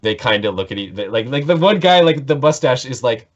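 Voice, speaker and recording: A man's voice: medium pitch, lively intonation, a little fast. A man narrating as game master for a tabletop game, rambling and piling up "like" and restarts as he sets the scene. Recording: dull lo-fi recording.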